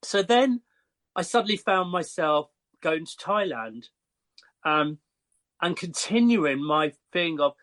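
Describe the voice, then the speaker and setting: An English man in his fifties, a hairstylist guest telling lively, chatty stories with frequent fillers. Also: a little high. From Croydon, England. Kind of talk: casual storytelling.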